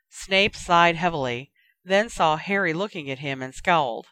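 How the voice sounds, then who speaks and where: A narrator reads a story in a steady, even way. The voice is bright and smooth, and the recording is close and dry with no room sound. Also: mid-range voice, moderate pace, no room sound. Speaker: audiobook narrator. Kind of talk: reading fan fiction aloud.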